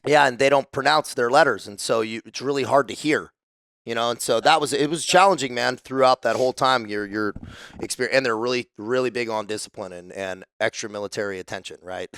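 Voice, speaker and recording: A man in a casual podcast interview, telling profane, animated stories and acting out the people he quotes. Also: mid-range voice, a little fast, smooth, no room sound. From San Diego, United States. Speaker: guest, former special forces soldier.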